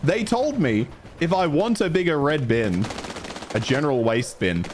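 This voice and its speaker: Australian man, profane exasperated rant, pitch swinging widely, faint gunfire behind. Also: very animated, moderate pace, noisy background. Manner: profane, exasperated ranting, voice jumping high when worked up. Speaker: gaming streamer. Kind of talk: ranting gameplay commentary.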